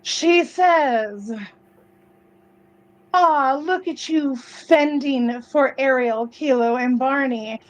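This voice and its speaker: A woman's voice: high-pitched, very slow, low-quality recording. A woman in a played video clip, talking in a sassy, blunt and mocking way. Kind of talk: casual video commentary.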